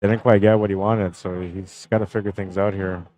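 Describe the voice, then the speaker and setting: A relaxed young man talks his way through a pool match on his own live stream. His voice sits fairly low, and his delivery is loose and chatty as he calls the shots and greets viewers one after another. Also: normal speed, no room sound, rough recording. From Canada. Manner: laid-back, chatty, greets viewers by name. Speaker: pool tournament streamer and commentator. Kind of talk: casual live-stream commentary.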